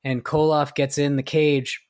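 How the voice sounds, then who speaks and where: Rambling, easygoing podcast host. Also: male voice, fairly high pitch, level tone, unhurried, darkish tone, smooth. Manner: rambling, many fillers and restarts while recounting. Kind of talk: casual chat.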